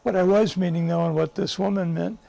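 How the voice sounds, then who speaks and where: As a guest speaker, an older male psychologist tells a live group stories in an earnest, emphatic way and often starts his sentences over. His high-pitched voice is steady in tone, brisk and mellow, with vocal fry.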